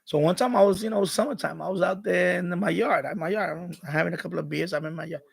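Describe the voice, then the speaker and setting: A man hosting a live stream, casually telling a neighborhood story in an animated way and laughing often. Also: high voice, fast talker, vocal fry, husky.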